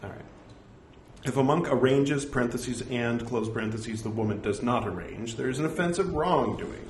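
Guy reading old scripture out loud, says the punctuation too, lively up and down voice, wry jokes, echoey room w faint hum. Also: mid-range voice, moderate pace. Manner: reads punctuation aloud, wry self-mocking asides. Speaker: scripture reciter. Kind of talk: scripture reading with joking commentary.

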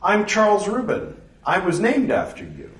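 A man's voice: high-pitched, huge pitch swings, moderate pace, voice pushed up. A man doing a hesitant, awkward young man. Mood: earnest, awkward. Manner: hesitant, apologetic. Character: polite, awkward man in love. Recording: roomy, distant mic.

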